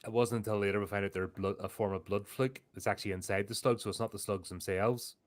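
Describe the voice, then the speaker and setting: A man's voice: on the low side, fairly even intonation, fast. A man co-hosting a horror podcast, chatty and wry, telling things at length. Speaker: podcast co-host. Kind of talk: casual chat.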